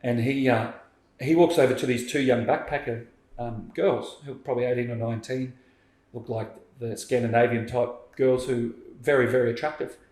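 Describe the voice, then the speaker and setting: A man, a podcast guest telling a story in lively conversation and acting out what people said. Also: mid-range voice, moderate pace. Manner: animated, acts out quoted speech. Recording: roomy echo.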